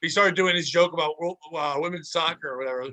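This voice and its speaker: Male comic co-host, bright tone, storytelling banter. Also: fairly high pitch. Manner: joking, storytelling, quick banter. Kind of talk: casual comedy chat.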